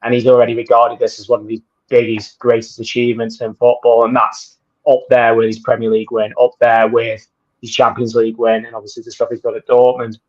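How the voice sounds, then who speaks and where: A man talking football on a livestream in a fairly flat, even voice at a medium pitch. He speaks fluently and with enthusiasm about the game. His voice comes through a dull, lo-fi microphone. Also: a little fast. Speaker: livestream co-host. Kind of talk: casual football podcast chat. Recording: dull lo-fi mic.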